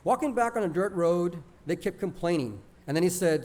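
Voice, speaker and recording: A man's voice: sits high, expressive, moderate pace, few pauses, darkish tone. A man telling a childhood story plainly, dropping in Spanish words. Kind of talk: oral storytelling of a childhood memory.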